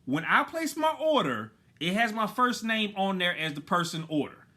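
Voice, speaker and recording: Guy telling a story, slangy and animated, bright voice. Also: high-pitched, moderate pace. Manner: animated, slangy, acts out his own side. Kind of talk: casual storytelling.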